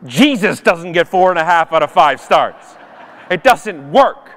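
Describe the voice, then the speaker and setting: A man's voice: on the high side, animated, measured pace, a bit bright. Punchy man in an echoing hall. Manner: sarcastic, punchy storytelling. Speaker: conference speaker. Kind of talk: comedic keynote talk. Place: large conference hall. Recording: live hall reverb.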